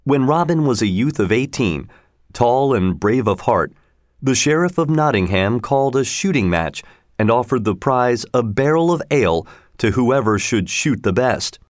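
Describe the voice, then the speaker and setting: A man reading a storybook aloud in a measured, even way. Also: medium pitch, no echo, clean studio sound. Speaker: narrator. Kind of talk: scripted storybook narration.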